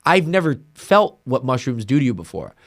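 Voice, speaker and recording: A man's voice: mid-range voice, moderate pace, no room sound, studio quality. A young man hosting a podcast, telling a story in casual chat and acting out the voices of the people in it. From United States. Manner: animated, acts out quoted voices, laughing. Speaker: podcast host.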